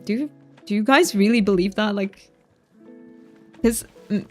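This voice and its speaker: A woman streaming a game live, reading viewer messages aloud in casual chat. She talks softly and emotionally, laughs often and stumbles over her words. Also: medium pitch, unhurried, faint music behind. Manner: soft-spoken, emotional, laughs often, stammers and restarts.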